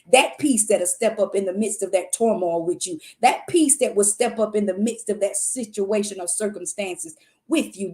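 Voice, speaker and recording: A woman's voice: medium pitch, mellow. A woman hosting a show, giving a devotional talk on faith in a preacherly, repetitive and emphatic way. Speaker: host.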